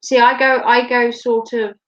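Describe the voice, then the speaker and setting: This Norfolk, England vlogger and mum speaks unhurriedly in a slightly high voice with little pitch movement. Her slight local accent comes through as she chats casually, laughing and swearing, and the home recording sounds dull and lo-fi.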